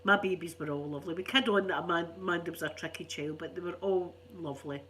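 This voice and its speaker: Speaking fast in a lowish, slightly bright voice with fairly even intonation, the older Scottish woman rambles chattily to her ASMR viewers. Her cold leaves her stuffy and unwell, yet she laughs a lot, and a faint hum runs underneath.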